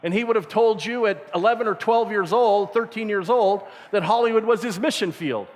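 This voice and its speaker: Middle aged guy preaching at camp, acts out all the voices, kinda high voice, echoey hall. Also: brisk. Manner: acts out voices in his stories, animated. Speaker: camp speaker. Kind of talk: storytelling sermon. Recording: reverberant hall.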